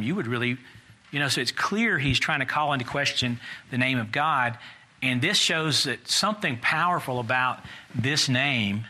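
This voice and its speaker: A man's voice: medium pitch, normal speed, pushed and bright. A man leading a Bible study class, thinking aloud in a conversational way and putting questions to the group.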